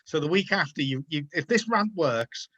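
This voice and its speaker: A man's voice: on the high side, lively intonation, moderate pace, bright, forceful tone, lo-fi sound. A man hosting a casual video-call chat show, chatty and encouraging, often repeating his words. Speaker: host.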